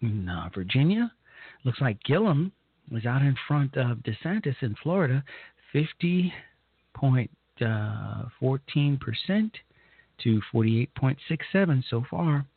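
Husky-voiced man hosting talk radio over a tinny line. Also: mid-range voice, sing-song, dry recording. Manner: halting, repeats himself, emotional. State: nervous. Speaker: radio talk show host. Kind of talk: live political talk radio.

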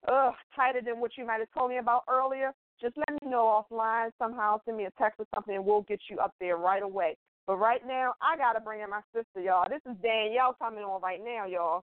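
A woman's voice: fairly high pitch, no echo. A middle-aged woman hosting a casual interview show, chatty and emotional, rambling and laughing often. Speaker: show host and salon owner. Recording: tinny phone-line call audio.

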